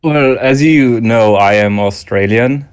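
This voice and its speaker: A man chats casually with friends, spinning deadpan, rambling jokes. He often stammers and restarts his sentences. His voice sits at an ordinary middle pitch. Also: slow, smooth. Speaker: regular guest. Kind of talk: casual chat.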